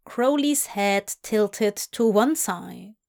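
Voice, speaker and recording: A woman reading a story aloud in a soft, hushed voice that drifts into whispers. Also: medium pitch, expressive, slow pace, gravelly. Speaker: audiobook reader. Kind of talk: narrating fan fiction aloud.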